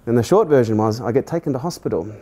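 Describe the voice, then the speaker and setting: A middle-aged man, a podcast host earnestly telling a personal story in conversation and growing animated as he recounts it. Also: mid-range voice, quick pace. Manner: earnest, animated when retelling dialogue, laughs at himself.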